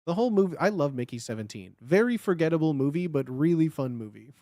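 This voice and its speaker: Guy chatting on a stream, kinda high voice, rambles a ton, dry sound. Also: animated, dark tone, dry recording. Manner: rambling, with lots of filler words, and quick laughs. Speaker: guest on a livestream. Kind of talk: casual chat.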